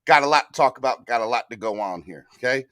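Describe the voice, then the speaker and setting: A man hosts a sports live stream in a casual, hyped style, calling out straight to his viewers. His voice sits in a middle pitch range. The sound is dry and close, with no room echo. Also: fast talker. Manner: hyped, animated, chats directly with viewers.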